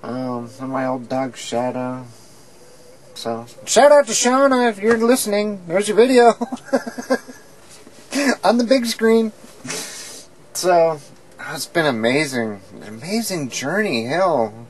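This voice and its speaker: A woman's voice: deep voice, expressive, slow pace, pauses often, darkish tone, a little hiss or hum. A woman chatting candidly in a casual, rambling video diary from her bedroom. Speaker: video diarist. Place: home bedroom, indoors.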